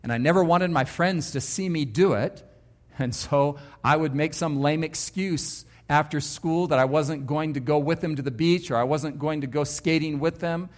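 A man's voice: fairly high pitch, normal speed. Man preaching a sermon with personal story. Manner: personal storytelling with emphatic, varied delivery. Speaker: pastor.

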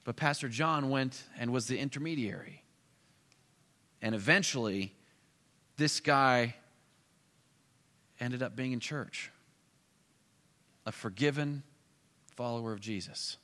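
A male preacher telling a story with animated swings between loud bursts and hushed asides. His voice is bright and forceful at a middle pitch. It carries with a long reverb through a church hall. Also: slow pace, long pauses. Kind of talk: storytelling sermon. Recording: echoey hall.

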